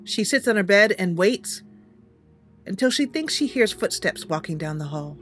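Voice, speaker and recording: A woman's voice: mid-range voice, normal speed, faint music behind. A woman host narrating a video game roleplay, mixing story narration with casual asides. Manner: lively narration with asides and laughter.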